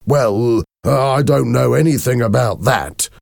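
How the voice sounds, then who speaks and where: A man's voice: lowish voice, lively intonation, measured pace, no echo, studio quality, pitched above the performer's own voice. A man voicing a nervous, blustering bully of a man in a storybook reading, with a defensive delivery.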